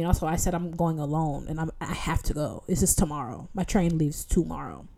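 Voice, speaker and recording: A young woman from Chicago telling a story in casual chat, slangy and expressive. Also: lowish voice, normal speed, few pauses.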